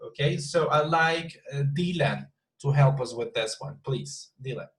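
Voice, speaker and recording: A man teaching an online English class, patiently repeating words and slowly modelling sample sentences. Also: mid-range voice, lively intonation, a bit bright, low-quality recording.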